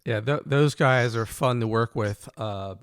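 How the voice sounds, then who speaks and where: A male host chats easily with a guest and sets up questions with long introductions. His voice sits at a middle pitch, and the recording is dry and close. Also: measured pace, smooth, no room sound. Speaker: host, saxophonist. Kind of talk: casual interview chat.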